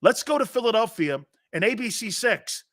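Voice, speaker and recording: A man's voice: sits high, animated, normal speed, fairly bright tone. A middle-aged man hosting a sports talk show, riffing in a brash, profane, joking way and laughing often.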